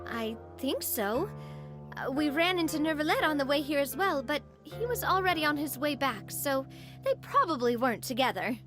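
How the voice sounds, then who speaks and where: A woman voicing a cheerful, outgoing young woman in a game, playful and quick to laugh. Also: high-pitched, sing-song, over loud music. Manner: bubbly, playful, laughs easily. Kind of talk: game voice acting.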